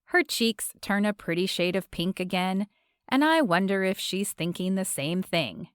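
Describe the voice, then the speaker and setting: A woman's voice: mid-range voice, unhurried, smooth, dry recording. Woman reading an audiobook, dry and close. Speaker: audiobook narrator. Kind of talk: scripted audiobook narration.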